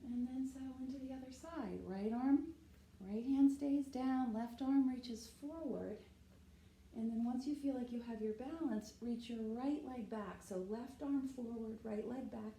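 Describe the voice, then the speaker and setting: A woman teaches a yoga class while doing the poses herself, slightly out of breath, with a very mellow, dark tone and a voice sitting a little high. She keeps checking in with "right?" as she cues each stretch. The room is echoey, with faint noise behind her. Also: a little slow. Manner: talks while demonstrating poses, often adds "right?". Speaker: yoga instructor. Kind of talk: guided yoga class instruction.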